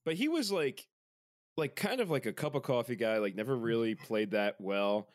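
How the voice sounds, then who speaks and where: Podcast host, young man, mid-pitched, loose and profane, heavy on "um"; dry, close sound. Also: expressive, moderate pace, dry recording. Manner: rambling, profane, lots of fillers. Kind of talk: casual sports chat.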